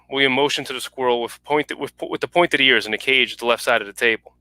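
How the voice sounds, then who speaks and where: Man, author reading fiction at an online launch, quick bright delivery. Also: mid-range voice, clear, resonant tone. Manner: brisk, clipped reading with small restarts. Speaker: author reading his story. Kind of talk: reading fiction aloud at a virtual book launch. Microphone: home video call mic.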